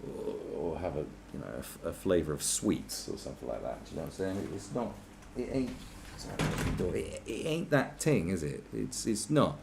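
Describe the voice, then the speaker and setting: Gravelly man ranting sarcastically. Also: deep voice, animated, moderate pace, few pauses, background noise. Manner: sarcastic, mocking, lots of restarts. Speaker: podcast host. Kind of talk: crude comedic rant.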